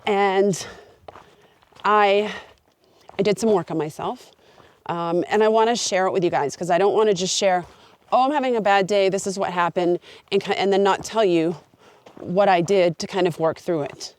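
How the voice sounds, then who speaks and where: A woman's voice: medium pitch, moderate pace, darkish tone. A woman hiking a long trail, talking to her camera outdoors in an earnest, open and heartfelt way. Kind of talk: reflective talk to camera.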